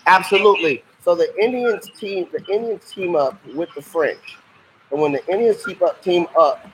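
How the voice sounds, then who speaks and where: A man's voice: high voice, moderate pace. A man teaching a casual, slangy livestream history lesson and quizzing his viewers. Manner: lively, slangy, asks questions to the class. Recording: muffled lo-fi stream audio with faint hiss.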